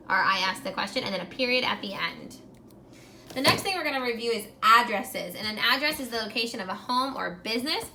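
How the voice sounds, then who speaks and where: Woman teacher, video grammar lesson; very bright, slightly high voice, encouraging and clear, faint hiss behind. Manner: clear, encouraging, speaks slowly while writing on a whiteboard. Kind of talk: recorded grammar lesson for young students.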